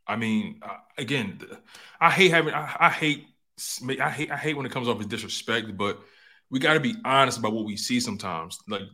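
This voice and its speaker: A man's voice: medium pitch, a little fast, bright, forceful tone. A man co-hosting a sports talk show, giving blunt opinions with stammering restarts.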